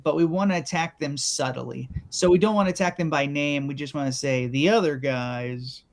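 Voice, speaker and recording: A man's voice: fairly high pitch, brisk, creaky. A man improvising a fussy casting director who keeps interrupting auditions over a video call. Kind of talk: improv comedy scene.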